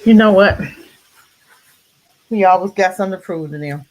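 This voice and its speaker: A woman's voice: medium pitch, moderate pace, darkish tone. Chatty woman panelist telling a story. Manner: chatty and conversational, retells a story. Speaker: discussion panelist. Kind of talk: casual storytelling.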